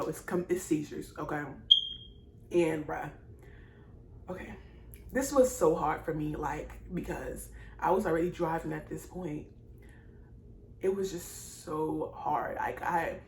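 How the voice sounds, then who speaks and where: A young female vlogger with a low, slightly mellow voice talks straight to camera about her own experiences, circling and repeating. Tearful, she apologizes and laughs through her crying, and the echoey room has faint noise.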